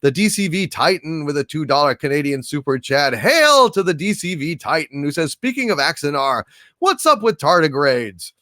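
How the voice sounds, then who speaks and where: Male stream host, lively swooping pitch, dry close mic, mock-regal hails, lots of uh and restarts. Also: no echo. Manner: grandiose mock-overlord greetings, halting with many fillers. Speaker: livestream host reading super chats. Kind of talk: casual livestream chat.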